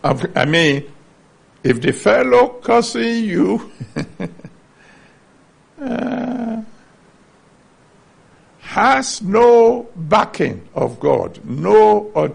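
A man's voice: high-pitched, big pitch swings, drawn-out words, creaky, pauses often, husky. A man preaching a sermon, earnestly teaching from the Bible and citing chapter and verse.

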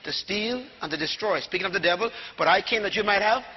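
A man preaching a sermon to a congregation, shouting and leading call-and-response. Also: high-pitched, quick pace, husky, muffled recording. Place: church before a congregation.

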